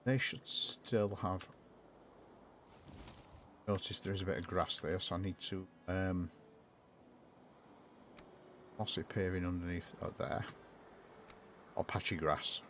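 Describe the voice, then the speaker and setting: A man's voice: low-pitched, steady tone, slow pace, long pauses, a bit bright, slight background noise. A man from chatting casually while he builds in a game, rambling and answering his chat as he goes. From northern England. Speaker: streamer. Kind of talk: casual gameplay commentary.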